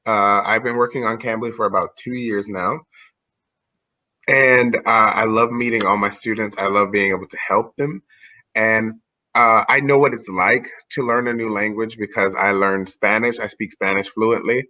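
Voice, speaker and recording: This is a man with a Southern US accent talking on a video call, his voice pitched low yet bright and forceful. He chats with eager enthusiasm and laughs often. The call audio sounds dull and lo-fi. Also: steady tone, moderate pace, no echo. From United States, Georgia. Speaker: online English tutor. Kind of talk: casual video-call chat.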